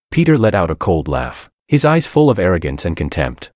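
Male audiobook narrator: deep voice, lively delivery, wry, dry studio read. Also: a little fast, few pauses, no echo. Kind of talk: first-person audiobook narration.

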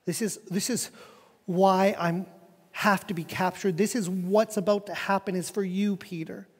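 A preacher voicing a soft, compassionate teacher. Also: male voice, high-pitched, steady tone, measured pace, breathy edge. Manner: soft and gentle. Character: calm, compassionate male teacher. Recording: long reverb of a church hall.

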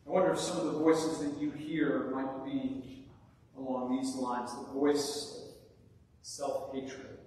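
A man preaching a sermon as pastor, with rhetorical questions and dramatic pauses, in a church sanctuary. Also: mid-range voice, little pitch movement, darkish tone, a little hiss or hum. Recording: echoey hall from far off.

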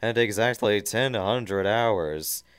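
A man voicing a blustering male mad-scientist villain in a hammy, loud reading of a fan story. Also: on the low side, slow pace, clear, resonant tone, no room sound, voice pushed up. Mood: ranting.

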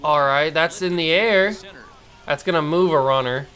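A man talking his way through a baseball video game in a casual, running monologue. His voice is bright and sits a touch high, and he mutters to himself, then flares up with frustrated outbursts. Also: moderate pace. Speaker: gamer. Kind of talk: casual gameplay commentary.

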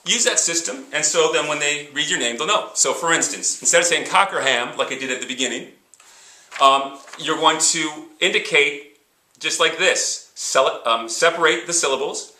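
A man's voice: on the high side, normal speed, pushed and bright, reverberant. A man teaching a lesson, patiently sounding words out and repeating examples. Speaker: high school teacher. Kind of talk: instructional explanation.

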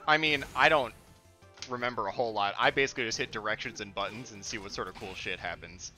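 A man co-hosting a game stream, troubleshooting and often muttering quietly to himself. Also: fast, soft background music. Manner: distracted, mutters to himself at low level. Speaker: stream co-host. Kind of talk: casual gaming chat.

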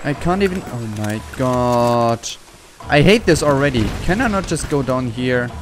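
A man's voice: medium pitch, animated, unhurried, noisy background. Swearing, frustrated male gamer. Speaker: let's play gamer. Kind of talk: gaming commentary.

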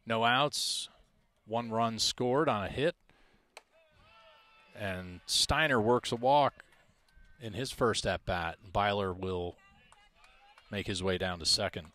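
Male play-by-play caller for school baseball, slow and steady, low register, reads numbers. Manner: measured, stat-heavy, self-deprecating asides. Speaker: play-by-play announcer. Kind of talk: high school baseball commentary.

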